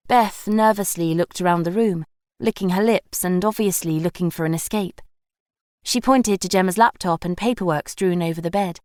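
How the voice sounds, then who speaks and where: A woman narrating an audiobook in an even, measured scripted read. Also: lowish voice, dry recording, clean studio sound.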